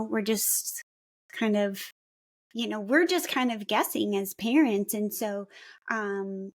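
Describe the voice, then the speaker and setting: A woman podcast co-host and parent who talks with a hesitant, filler-filled manner. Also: medium pitch. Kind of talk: podcast conversation.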